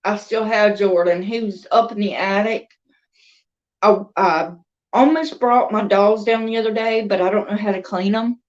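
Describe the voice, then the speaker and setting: This crochet and doll vlogger, a woman from the American South with a Southern US accent, rambles chattily through a story in her casual vlog, laughing between thoughts. Her mid-range voice is steady and a little mellow at a moderate pace, though the highs are cut off.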